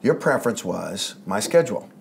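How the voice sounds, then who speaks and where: A man's voice: on the low side, very animated, normal speed, vocal fry, slight background noise. A man, a pastor, making emphatic points in a casual chat. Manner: emphatic, preachy, plays with examples.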